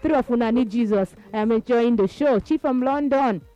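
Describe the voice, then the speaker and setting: A high-pitched Nigerian woman hosts a radio show, reading out listener shout-outs between bursts of laughter. She teases her co-hosts in pidgin-laced English. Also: a little fast, dull audio, music in the background. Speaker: radio host. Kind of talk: lively radio banter, reading listener messages.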